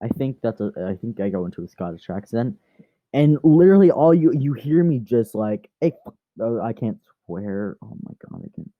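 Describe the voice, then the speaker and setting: A man's voice: mid-range voice, expressive, moderate pace, no echo, narrow, tinny audio. A man rambling through a casual fan story, chatty and often correcting himself.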